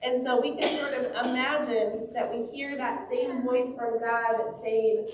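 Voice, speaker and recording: A woman pastor leading a children's sermon in a church, gently asking the children questions. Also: fairly high pitch, fairly even intonation, normal speed, hardly any pauses, slight background noise. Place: church sanctuary. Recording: very echoey church, mic far off.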